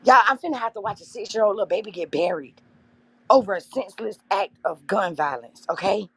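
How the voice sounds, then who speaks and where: Impassioned gravelly-voiced woman livestreaming. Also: medium pitch, expressive, brisk, a bit bright, dry recording. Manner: impassioned, addresses viewers as y'all. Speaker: livestream host. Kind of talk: emotional livestream talk to viewers.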